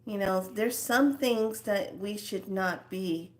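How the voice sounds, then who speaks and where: A woman talking in a casual, rambling spiritual monologue as host of her own channel, with soft asides now and then. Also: mid-range voice, takes it slowly.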